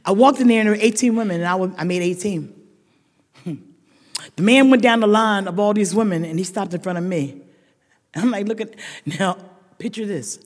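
An older woman sharing a humorous recovery story with a meeting, a lively storyteller who laughs often and rises to shouted emphasis. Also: medium pitch, normal speed, long pauses. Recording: echoey hall.

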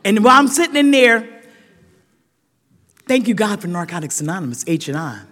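An older woman sharing a humorous recovery story with a meeting, a lively storyteller who laughs often and rises to shouted emphasis. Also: mid-range voice, fairly quick. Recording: echoey hall.

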